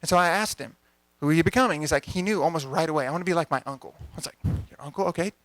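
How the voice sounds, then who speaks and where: Young male coach, lively storyteller who voices the people in his story; slightly high voice, dry recording. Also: rapid-fire, no room sound. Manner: energetic, conversational, acts out dialogue. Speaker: coach giving a talk. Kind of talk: storytelling talk to a live audience. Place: event venue.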